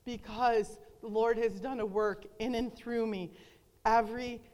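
A woman's voice: on the high side, steady tone, measured pace, darkish tone. A middle-aged woman giving an earnest, emotional devotional talk to a women's gathering. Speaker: women's ministry speaker. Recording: long reverb hall.

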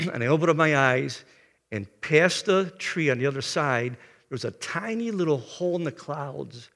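Gravelly older male pastor preaching. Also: mid-range voice, a bit bright, big-room sound. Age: 70s. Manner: earnest storytelling, frequent throat clearing. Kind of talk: sermon.

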